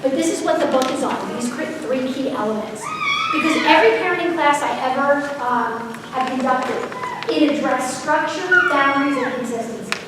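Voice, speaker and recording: A woman's voice: sits high, normal speed. A woman giving a parenting seminar, telling stories in a chatty way and asking the audience questions. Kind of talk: conversational seminar talk. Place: large echoey hall. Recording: echoey hall recorded from far off, faint hiss.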